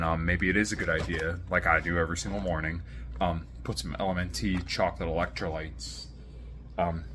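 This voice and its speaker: A man's voice: low-pitched, background noise. A man reading a sponsor message on a podcast in a loose, casual way with many fillers. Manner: loose, filler-heavy delivery. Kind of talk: casual ad read.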